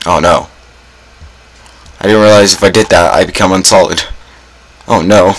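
A young man talks through a game in a very low, deep voice. His commentary is casual and self-mocking, peppered with groans and sudden dramatic exclamations. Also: fairly even intonation, normal speed, low-quality recording. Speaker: gaming YouTuber.

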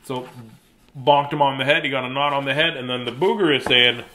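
A man's voice: mid-range voice, fairly quick, sharp tone. A man reading a children's picture book aloud, with chatty, chuckling asides. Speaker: storybook reader.

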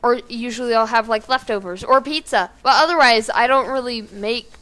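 A teenage girl chatting casually and rambling while playing a game at her home computer, now and then breaking into sudden yells. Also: fairly high pitch, fairly quick. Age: teens. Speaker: gaming YouTuber. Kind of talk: let's play commentary. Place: kitchen at home.

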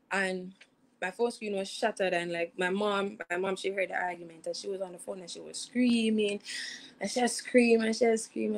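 A woman's voice: mid-range voice, a bit bright, low-quality recording. A young woman with a Jamaican accent, hosting a youth show and sharing a personal testimony in an earnest way, repeating phrases for emphasis.

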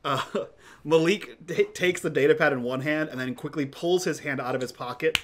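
A man playing a tabletop game, asking quick questions with a joking edge. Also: a little high. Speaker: player. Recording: audible noise on the line.

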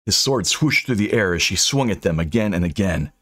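A man narrating his own fantasy audiobook with dry humor, in a lively, scripted delivery. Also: lowish voice, normal speed, hardly any pauses.

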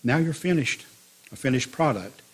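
A man voicing a patient, gentle potter who speaks quietly and calmly, in a husky voice. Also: mid-range voice, normal speed. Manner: quiet, calm.

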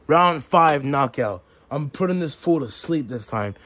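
A man voicing a hot-headed male dragon-king fighter who boasts slowly and with menace. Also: on the high side, expressive, a bit bright, voice pushed down. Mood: menacing.

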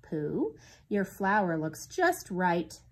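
A woman playing a slow, wise old owl. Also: on the low side, sing-song, heavily acted. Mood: instructive. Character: wise old male owl, measured and approving. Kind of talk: storybook read-aloud.

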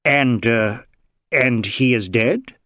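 A man voicing a hesitant, apologetic police inspector who stumbles with many pauses. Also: medium pitch, bright, forceful tone, dry recording, clean studio sound.

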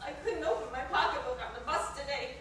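A woman's voice: high voice, fast, heavy background noise, close to an everyday voice. An actress on stage playing an anxious, exhausted middle-aged wife who pleads with her husband, her voice rising and breaking. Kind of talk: live stage play. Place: theater stage. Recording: echoey theater, mic far from stage.

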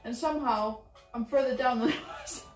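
A giggly woman with a slightly high voice chats and swears casually on a live stream. Her voice rings in a roomy office and sounds set back from the mic. Faint music hums behind her. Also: fairly quick, recorded from a distance. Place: office being painted.

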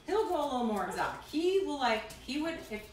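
Her high voice is very animated and fast as she rambles through a casual live stream, dropping "like" everywhere. She's a woman in her thirties broadcasting from her condo kitchen, and the space echoes.

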